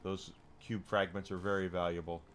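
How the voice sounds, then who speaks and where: A man's voice: low voice, flat delivery, normal speed, a bit bright. A man streaming a video game, chatting casually with viewers in a rambling way with frequent restarts.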